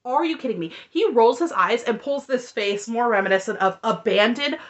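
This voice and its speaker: A woman's voice: fairly high pitch, lively intonation, brisk. A woman recapping a reality show in casual commentary, sarcastic and exasperated. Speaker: recap vlogger.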